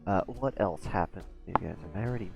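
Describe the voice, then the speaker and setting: A man's voice: low-pitched, fast talker, creaky, highs cut off, music in the background. A man running a tabletop game as game master, narrating in a laid-back way.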